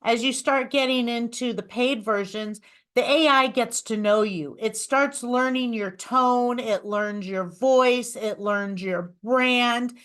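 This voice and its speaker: A woman's voice: fairly high pitch, slow pace, fairly bright tone. A woman co-hosting a webinar, talking in an upbeat, enthusiastic way. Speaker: webinar co-host. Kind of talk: casual presentation.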